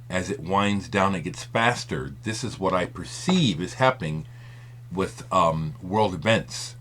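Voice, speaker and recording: A man's voice: sits low, a bit bright. A man speaking in an impassioned, rambling monologue to his video audience. He repeats his points and swears for emphasis. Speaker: vinyl community video maker.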